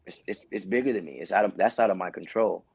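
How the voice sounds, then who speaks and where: A man's voice: sits low, quick pace, creaky, slightly rough, no room sound. A man from Brooklyn, telling casual, slangy stories as an actor guest. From Brooklyn, New York. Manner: animated, slangy, acts out voices. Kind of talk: casual storytelling.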